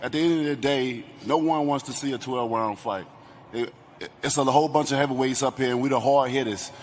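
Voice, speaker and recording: Male boxer, post-fight interview, relaxed, faint noise behind. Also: medium pitch, brisk. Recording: played clip with faint background noise.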